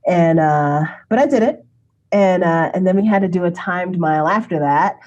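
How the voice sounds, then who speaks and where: A woman in her forties from Brooklyn, New York City, telling a story as an interview guest in a chatty, animated way, acting out remembered dialogue and laughing often. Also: on the low side, normal speed, lo-fi sound. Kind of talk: casual conversational storytelling.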